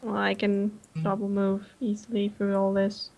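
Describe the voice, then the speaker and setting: A woman's voice: medium pitch, completely flat delivery, normal speed, vocal fry, darkish tone. Playful young woman at the game table. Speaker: player. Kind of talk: casual tabletop game chat.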